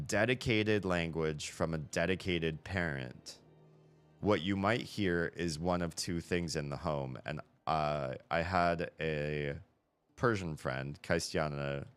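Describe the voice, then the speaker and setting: A man's voice: very deep voice, a bit bright, smooth. A man hosting a live stream, rambling through casual chat and correcting himself as he thinks aloud into a headset mic.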